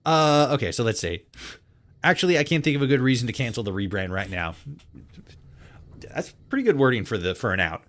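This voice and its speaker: A man's voice: medium pitch, expressive, fairly quick, long pauses, fairly bright tone. A young man casually commenting while playing a game, swearing freely, laughing often and thinking aloud.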